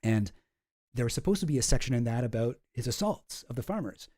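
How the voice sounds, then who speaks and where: A man's voice: medium pitch, animated, fairly quick, darkish tone. A man giving casual, rambling commentary with lots of fillers, reading documents aloud as he goes.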